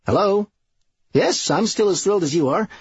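A man voicing Serge, a manic, brash male schemer in an audiobook, speaking in a quick, excitable, breezy way. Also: sits high, slightly rough, no echo, lo-fi sound, pitched above the performer's own voice, full character voice.

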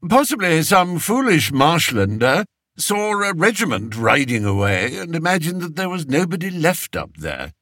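A man's voice: on the high side, sing-song, a bit bright, no room sound, clean studio sound, pitched above the performer's own voice, full character voice. A man doing an oily scheming courtier. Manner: oily, unctuous, measured. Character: scheming, smooth-talking male courtier. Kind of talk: audiobook character voice.

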